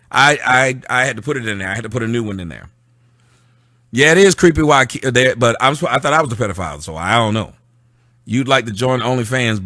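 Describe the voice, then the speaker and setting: A man's voice: mid-range voice, pushed and bright, dry recording, studio quality. Sarcastic man ranting at his chat. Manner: sarcastic, mocking; reads out and answers viewer comments. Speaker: livestream host. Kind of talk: casual livestream rant to chat.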